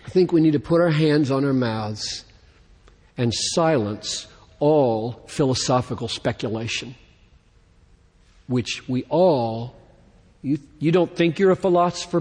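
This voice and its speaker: A man preaching a sermon in an earnest tone, his voice rising and growing louder as he reads scripture. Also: medium pitch, unhurried, long pauses, breathy edge, long reverb tail. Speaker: pastor.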